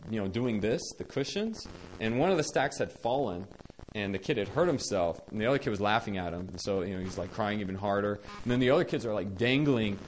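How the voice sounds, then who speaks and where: A young adult man telling a personal story to viewers in a casual, animated way, stumbling over restarts and acting out what he said. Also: on the low side, a little fast, a little hiss or hum, rough recording. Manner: animated, acts out his own quoted lines loudly, frequent restarts and laughs. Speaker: storyteller recalling caring for children.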